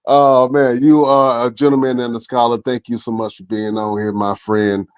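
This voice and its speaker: A man's voice: medium pitch, level tone, normal speed, darkish tone, clear, resonant tone. A man hosting a wrestling podcast, chatting casually and enthusiastically with slangy talk and easy laughter. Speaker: podcast host. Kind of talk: casual interview chat.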